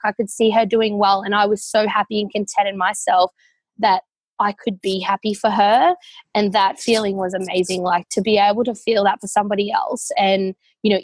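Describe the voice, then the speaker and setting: A young Australian woman speaking as a podcast guest, pouring out her story with heartfelt feeling and a stream of casual fillers. Her voice sits at an ordinary middle pitch for a woman. The sound is dry and close, with no room echo. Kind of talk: casual interview.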